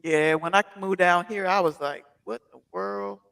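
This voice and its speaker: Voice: mid-range voice, normal speed, fairly bright tone, rough recording. A co-host in casual chat who teases and laughs between short remarks. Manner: teasing, laughing asides.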